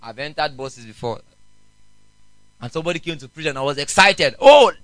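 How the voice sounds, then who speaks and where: A man, a pastor preaching a sermon in an animated way and often asking the congregation questions. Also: fairly high pitch, normal speed, no room sound, low-quality recording.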